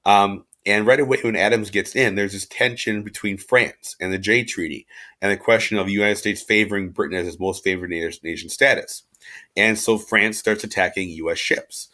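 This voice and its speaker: A man's voice: on the low side, sharp tone. A man giving an informal history lecture as a teacher, talking casually with lots of fillers and asides.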